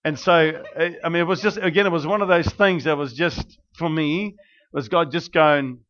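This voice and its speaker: A man preaching, first praying aloud and then telling stories in an animated way, with many fillers and restarts. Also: fairly high pitch, normal speed. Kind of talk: prayer and sermon storytelling. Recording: dull lo-fi recording.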